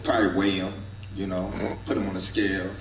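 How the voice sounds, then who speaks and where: A man's voice: low voice, level tone, fast talker. A man from the United States, a boxer at a press conference, trash-talking in a slangy, boastful, playful way. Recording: echoey hall mic, far off, crowd noise.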